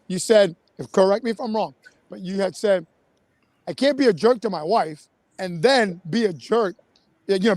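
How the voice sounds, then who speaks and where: A man hosts a live-streamed interview over a video call. His voice sits high and the sound is close and dry. He speaks with eager, appreciative energy. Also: a little mellow, no echo. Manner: enthusiastic, appreciative. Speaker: host.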